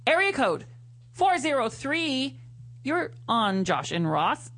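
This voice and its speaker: A man's voice: very high-pitched, sing-song, slow, bright, forceful tone. A man co-hosting a comedic advice talk show, telling things in a theatrical, exaggerated way. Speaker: co-host. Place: studio.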